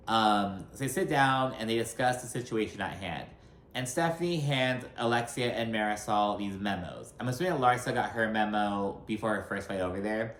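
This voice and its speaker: A man's voice: lowish voice, moderate pace, a bit bright. A man recapping a reality show in a gossipy, sarcastic way, cursing freely and filling his speech with "like.". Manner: gossipy, sarcastic, swears a lot, many "like" fillers. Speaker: recap commentator. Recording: echoey room with faint hum.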